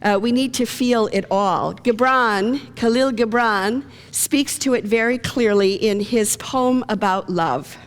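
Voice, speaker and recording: A middle-aged woman with a fairly high voice gives a sermon in a relaxed, talky way, now and then acting out the people she quotes. Her voice rings through a church hall with a long reverb. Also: takes it slowly, hardly any pauses. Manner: conversational, acts out quoted lines with shifting voices. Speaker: pastor. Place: church sanctuary.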